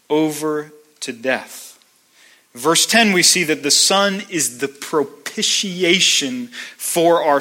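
Slow, bright-voiced male preacher. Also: a little high. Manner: deliberate, emphatic preaching with repeated phrases. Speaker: pastor. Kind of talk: sermon.

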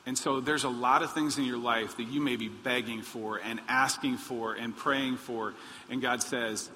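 A man preaching a sermon, animated, acting out quoted pleas in a raised voice. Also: medium pitch, moderate pace. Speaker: pastor. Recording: long hall reverb, faint noise.

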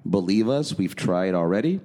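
A man's voice: sits low, animated, normal speed, mellow. A man co-hosting a casual podcast, talking loosely with fillers and easy laughter. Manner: conversational, frequent fillers, laughs easily. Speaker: podcast co-host.

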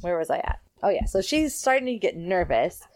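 A woman's voice: fairly low pitch, a little fast. A woman co-hosting a casual recap chat at home, retelling scenes and acting out the characters' lines. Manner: animated storytelling, acts out characters' lines. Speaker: podcast co-host. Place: home, dog nearby.

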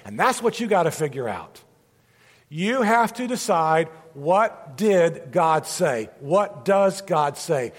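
A pastor delivers an earnest sermon in a fairly high male voice, repeating key phrases for emphasis. His words ring out with a long reverb from the large hall where he is preaching to a gathered congregation.

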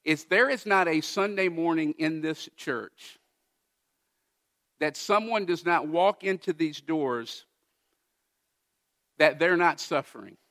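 A man preaching a sermon as pastor of a church, earnest, rising to emphatic peaks and falling to soft, quiet moments. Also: a little high, slow, pauses often.

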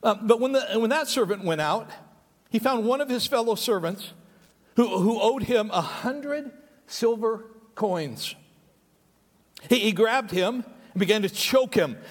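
A man preaching a sermon, reading scripture and breaking off into animated, conversational asides to the congregation. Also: sits high, unhurried. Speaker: pastor. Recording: long hall reverb.

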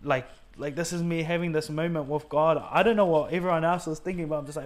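Speaking at a quick pace with a fairly high pitch, a man shares a personal faith story as a guest. He's from New Zealand and comes across as earnest and conversational, acting out his own and others' quoted words with many fillers.

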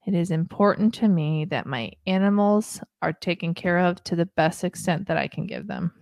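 A woman's voice: lowish voice, moderate pace, creaky, darkish tone, no room sound, clean studio sound. A woman in her thirties co-hosting a podcast, talking in an earnest, rambling way and laughing often. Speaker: podcast co-host. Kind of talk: casual chat.

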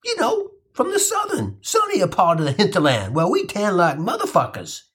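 A man's voice: high voice, wildly swooping pitch, normal speed, breathy edge, voice pushed up, full character voice. A man doing a cocky swaggering tough guy. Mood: brash. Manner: loud, swaggering, crude. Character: brash, cocky adult man, boastful.

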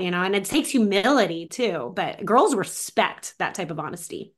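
A woman author being interviewed on a podcast, talking in an animated, casual way with many fillers and acted-out quotes. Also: mid-range voice, normal speed, slightly rough. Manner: animated, acts out quoted voices, frequent "like". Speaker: author and mentor of teen girls, guest.

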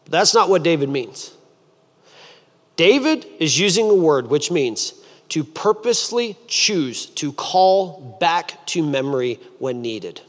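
A man preaching a sermon as a pastor, telling stories in an animated way and acting out the voices of the people in them. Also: a little high, slow pace. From United States. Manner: animated storytelling, acts out voices. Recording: long hall reverb.

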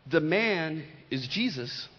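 A man's voice: on the high side, animated, slow pace, a bit bright. A middle-aged man preaching a sermon as pastor, emphatic and repeating key lines, with joking storytelling asides. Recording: dull lo-fi recording in a reverberant hall.

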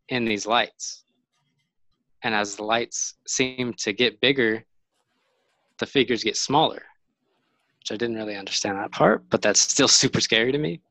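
A man's voice: fairly low pitch, pushed and bright, no room sound, low-quality recording. A man casually retelling a camping story, rambling with many fillers and restarts.

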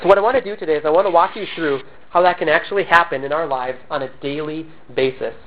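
Here the pastor talks rapid-fire in a fairly high voice, over slight background noise. He preaches with earnest emphasis, cracks self-deprecating jokes, and still carries the tail end of a cough. Everything comes through tinny, as if over a phone.

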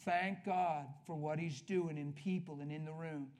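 A man preaching at a healing service in an energetic, conversational way, coaching the congregation with quick questions. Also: on the high side, slight background noise. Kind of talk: sermon.

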